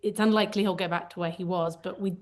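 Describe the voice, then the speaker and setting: A woman's voice: lowish voice, steady tone, fast talker. Candid reflective woman podcaster. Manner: candid and reflective, searching for words. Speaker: podcast co-host. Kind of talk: casual conversational podcast.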